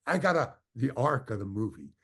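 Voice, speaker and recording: A man's voice: mid-range voice, sing-song, brisk, pushed and bright, husky. Older male guest, meandering anecdote, keeps restarting and acting out the dialogue. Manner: rambling, full of restarts, acts out quoted dialogue. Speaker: interview guest, actor. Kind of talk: anecdotal storytelling in an interview.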